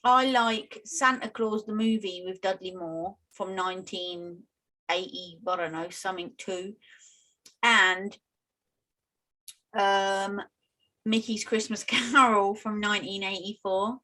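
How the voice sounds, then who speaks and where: A woman's voice: mid-range voice, steady tone, slow, pushed and bright. A British woman co-hosting a podcast, chatting casually and laughing often. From United Kingdom. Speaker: podcast co-host. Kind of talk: casual chat.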